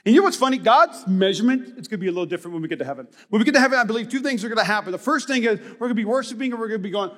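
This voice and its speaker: A man preaching a sermon as pastor. He tells stories with acted-out dialogue and breaks into energetic shouts. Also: high-pitched, very fast. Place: large church hall. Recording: reverberant church hall.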